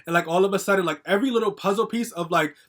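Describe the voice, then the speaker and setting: Fast-talking young man, angry rant. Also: high-pitched, fairly bright tone. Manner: angry, profane, ranting with many fillers. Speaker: vlogger telling a story. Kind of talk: casual storytime rant.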